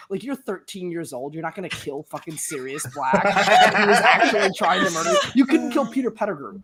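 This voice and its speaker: Panelist, lively pitch, amused, laughs through lines, casual. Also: brisk, few pauses. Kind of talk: casual podcast chat.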